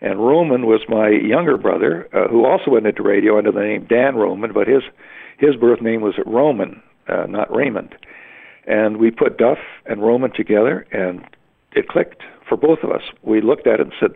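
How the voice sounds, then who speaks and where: Gravelly older man on a tinny line. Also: lowish voice. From Western Canada. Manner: rambling, halting storytelling with many restarts. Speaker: interviewee, veteran radio announcer. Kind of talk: oral history interview. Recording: phone-like narrow sound.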